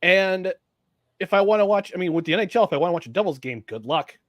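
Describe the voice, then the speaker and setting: A fairly high-pitched man from upstate New York, talking sports in a loose, animated way and often starting his sentences over. His voice is recorded close and dry, with no room sound at all. He sounds like one of the regular hosts of a sports chat show. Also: fast talker, dry recording. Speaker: podcast co-host.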